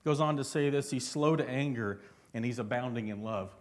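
A man's voice: medium pitch, brisk. A man preaching a sermon as pastor, fervent and constantly asking his congregation questions.

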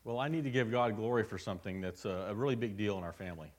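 A man's voice: on the low side, fast talker. A man preaching a sermon at a church service, telling a personal story in an earnest, conversational way. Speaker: pastor.

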